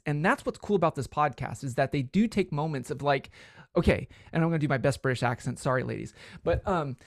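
A man's voice: a little high, lively intonation, fairly quick, no echo, studio quality. A man co-hosting a podcast, chatting in a rambling, enthusiastic way. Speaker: podcast co-host. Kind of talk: casual chat.

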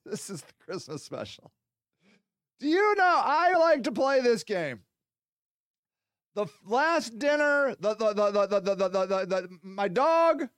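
A podcast host rattles through a foul-mouthed, rambling comic monologue, playing both sides of made-up arguments. His voice sits unusually high and is smooth and resonant. The sound is close and dry, with no room around it. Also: no echo. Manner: profane, rambling, acts out mock dialogues. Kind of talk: solo comedic rant.

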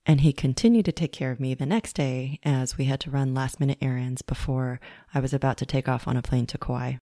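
A woman podcast host reading a personal essay in a calm, reflective way. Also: very deep voice, a little fast, dry recording, studio quality.

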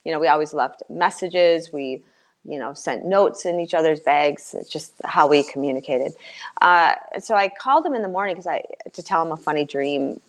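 Earnest middle-aged woman, lower voice. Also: expressive. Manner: earnest, halting, many fillers and restarts. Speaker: guest. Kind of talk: personal storytelling in an interview.

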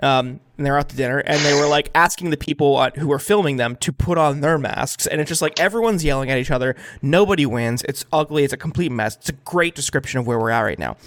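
A man's voice: fairly high pitch, fast, few pauses, a bit bright, no echo, clean studio sound. A man co-hosting a podcast in casual talk, heated and swearing, with many filler words. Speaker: podcast co-host.

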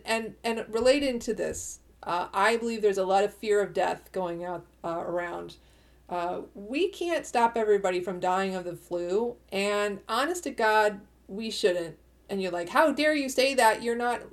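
A middle-aged woman hosting her own podcast, talking through her views in a chatty, opinionated way, often restarting sentences and laughing at herself. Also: mid-range voice. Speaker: podcast host. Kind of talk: casual solo podcast monologue.

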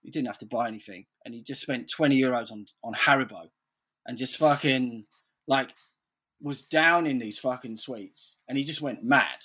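A man's voice: mid-range voice, normal speed, pushed and bright, breathy edge. Rambling man swearing freely. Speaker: guest telling stories. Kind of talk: casual storytelling chat.

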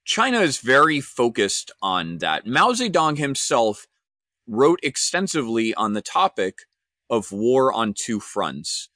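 A man's voice: mid-range voice, big pitch swings, unhurried, pushed and bright, dry recording, clean studio sound. A man hosting his own podcast, telling a wry story and then giving an earnest analysis in a solo monologue. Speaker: podcast host.

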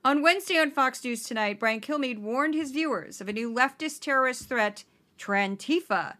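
A woman's voice: high voice, expressive, moderate pace, pushed and bright. A woman hosting a podcast, giving sarcastic, exasperated satirical news commentary. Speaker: podcast host.

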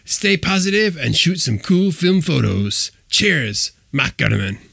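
Brief: upbeat male podcast host, a man's deliberately bad impression, friendly, dry sound. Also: a little high, very animated, creaky, a bit bright, husky, no room sound, exaggerated voice. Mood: cheery. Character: cheerful adult male podcast host reading a letter.

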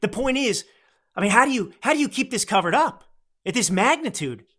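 A man hosting a political commentary podcast, talking into a close microphone in an animated, rambling way that swings from loud to hushed. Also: very high-pitched, brisk. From United States. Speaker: podcast host. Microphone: close studio microphone.

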